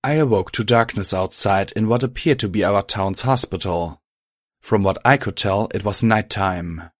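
A man narrating a first-person story in a calm, even manner. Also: on the low side, moderate pace, no room sound, studio quality.

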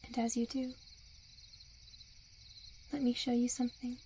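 A woman in a whispered role-play, with a soft, soothing and coaxing hypnotic murmur. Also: on the high side, monotone, measured pace, slight background noise. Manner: seductive, coaxing.

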